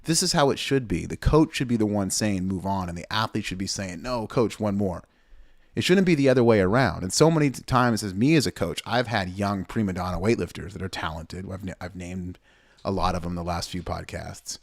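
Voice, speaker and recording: A man's voice: sits low, fairly quick, dry recording, clean studio sound. A middle-aged man, a weightlifting coach, giving blunt, fired-up casual commentary over a training video, swearing and repeating himself.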